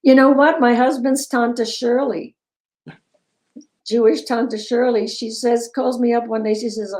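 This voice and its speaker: An older woman telling stories as an interview guest, animated and quick to laugh. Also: on the high side, low-quality recording. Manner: animated storyteller, breaks into laughter. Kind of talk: casual interview chat.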